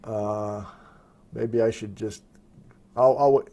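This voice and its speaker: A man hosts a live question-and-answer stream from his desktop, talking casually and thinking aloud while he uses the software. He speaks slowly in a lowish, steady tone.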